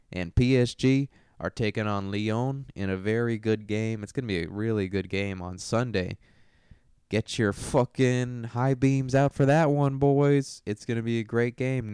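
Foul-mouthed young male host riffing on match results; smooth, resonant low voice. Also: darkish tone, no echo, clean studio sound. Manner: profane, brash and joking. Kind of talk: casual sports commentary monologue.

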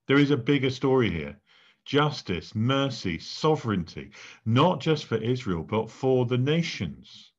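A man preaching a sermon as vicar, measured and deliberate, pausing between phrases. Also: mid-range voice, big pitch swings. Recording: dull lo-fi recording.

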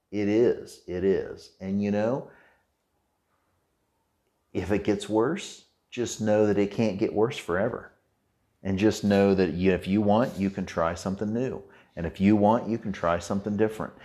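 A man's voice: fairly low pitch, a little mellow. A man hosting a podcast, talking straight to listeners in an earnest, encouraging motivational monologue, casual and repetitive, with some mild swearing. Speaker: podcast host.

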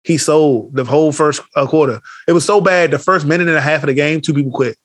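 A man talking at a rapid clip in casual podcast chat, his voice sitting a bit higher than most men's. He tells animated stories full of slang and swearing and acts out the lines of others. The sound is close and dry. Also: no room sound. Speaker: podcast co-host.

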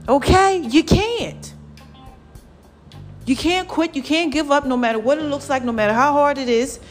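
Lively, preachy woman vlogger, higher voice. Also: fast, faint music behind. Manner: lively and preachy, calls viewers "child" and "y'all". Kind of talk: casual motivational talk to viewers.

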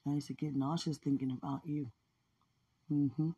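Woman, low mellow voice, tender and prayerful delivery, lots of soft affirming murmurs. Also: flat delivery, normal speed, breathy edge, dull audio. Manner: heartfelt, soft-spoken, prayerful, with frequent murmured agreement. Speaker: podcast speaker. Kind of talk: casual emotional talk about faith and love.

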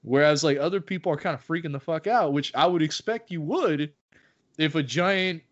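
A New man with a high-pitched voice chats animatedly, swearing freely as he acts out scenes. The audio is a little muffled, like a lo-fi recording. His bursts swing up and down as he retells moments. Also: moderate pace. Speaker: podcast co-host. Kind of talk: casual film-discussion chat.

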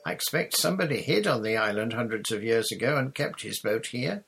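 A man's voice: mid-range voice, expressive, brisk, gravelly, fairly bright tone, husky, heavily acted. A man voicing an imaginative young girl on a sailing adventure in a storybook reading, speaking with dreamy drama. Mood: wondering.

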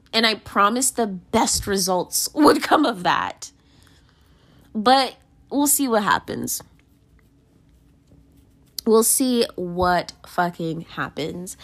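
A young woman in a candid monologue, rambling with many fillers and restarts, swearing and venting with emotion. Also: a bit bright. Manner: emotional, pitch swinging widely.

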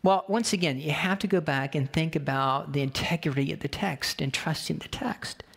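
A man's voice: on the high side, normal speed, creaky, slightly rough. A man preaching a sermon through a personal story, talking casually and animatedly, often asking his listeners "right?". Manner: conversational, animated, with frequent rhetorical "right?". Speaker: pastor.

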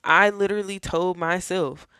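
A woman's voice: lowish voice, fairly even intonation, normal speed, a bit bright, no room sound, studio quality. A woman giving an earnest, casual personal faith testimony, talking to her viewers as y'all and friends. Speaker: faith vlogger.

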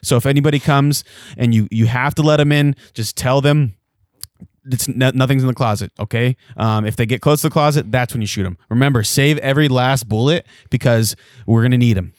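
A man's voice: mid-range voice, fairly quick, no room sound, studio quality. A man playing an exasperated, stammering boyfriend in an improvised comedy sketch. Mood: flustered.

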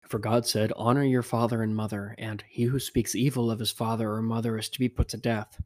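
Grave teacher voiced by a man, measured scripture reading, level pitch, dry sound. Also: little pitch movement, no echo, lightly acted. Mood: solemn. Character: Jesus, a grave male teacher.

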